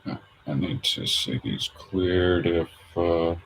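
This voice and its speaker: A man's voice: low voice, takes it slowly, creaky, a little hiss or hum, poor audio. A man streaming his trading session, thinking aloud in a casual, hesitant way with lots of fillers. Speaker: day trader streaming his charts.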